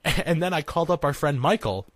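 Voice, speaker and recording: A young man co-hosting a podcast, telling a story in an animated, laughing way. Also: on the high side, brisk, no room sound. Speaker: podcast co-host. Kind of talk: casual storytelling.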